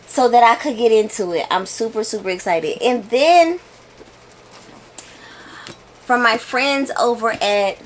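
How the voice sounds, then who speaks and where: A young woman, a book vlogger, chats casually and animatedly at home about books she received, laughing now and then. Her mid-range voice has a fairly bright tone, with slight background noise indoors.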